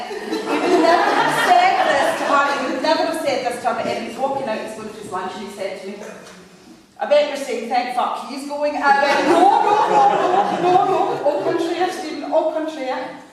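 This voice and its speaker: A woman telling comic stories at a live event, chatty and digressive, laughing at her own lines. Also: medium pitch. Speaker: storyteller at a live comedy night. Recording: echoey hall, distant mic, faint noise.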